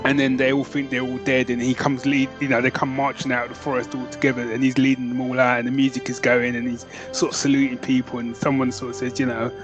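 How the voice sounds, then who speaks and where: A man's voice: mid-range voice, completely flat delivery, fast talker, few pauses, dull audio, music in the background. North London man, rambling podcast chat. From North London, England. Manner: rambling, enthusiastic, many fillers and restarts. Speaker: podcast co-host. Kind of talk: casual chat.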